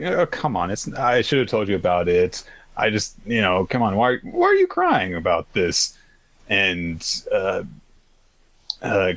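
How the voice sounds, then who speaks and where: A man with a very low, deep voice talks through the week's manga chapters in a loose, rambling way, often jumping into higher voices to act out characters' lines. The sound is close and dry, with no room around it. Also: very animated, a little slow, no echo. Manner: rambling, acts out characters' lines with pitched-up quotes. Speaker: podcast co-host. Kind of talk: casual chat recapping manga.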